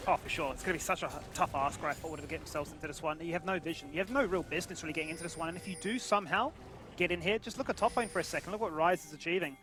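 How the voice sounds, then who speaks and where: A man casting a live esports match with play-by-play commentary, excitable and playful. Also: a little high, racing. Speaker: esports caster. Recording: music bed behind. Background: music.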